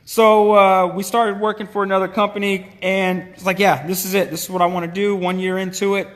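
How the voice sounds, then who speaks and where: Animated man telling his story, echoey room. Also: sits high. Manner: animated, restarts and acts out past dialogue. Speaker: small business owner telling his faith story. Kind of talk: casual storytelling talk.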